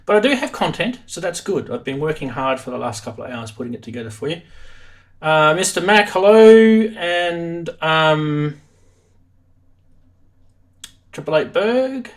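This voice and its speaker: A man's voice: a little high, big pitch swings, normal speed. An Australian man hosting a live stream from his home studio, chatting casually in a self-deprecating way.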